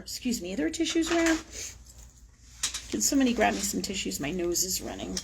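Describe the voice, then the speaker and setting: A woman's voice: medium pitch, big pitch swings, a little fast, vocal fry, pauses often, slight background noise. A woman hosting a spiritual livestream, talking through a personal story in an intense, emotional way, swearing freely and repeating phrases for emphasis. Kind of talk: personal confessional monologue.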